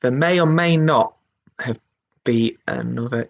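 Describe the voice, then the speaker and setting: A man's voice: medium pitch, measured pace, creaky, lo-fi sound. Male pub quiz host, mid-range voice, repeats each question and chats between them. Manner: reads each question twice, chatty asides. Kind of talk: hosting an online pub quiz.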